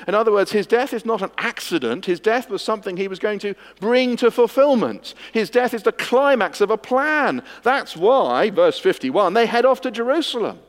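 Man preaching with hall reverb. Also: high-pitched. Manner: expository, swings from hushed to emphatic. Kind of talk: sermon.

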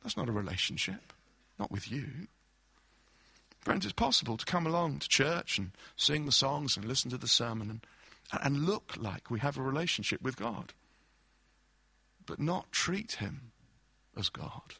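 A man's voice: mid-range voice, sing-song, normal speed, gravelly, pauses often, bright, forceful tone, husky, no echo. A man preaching a sermon, explaining scripture through everyday illustrations and acted-out quotes.

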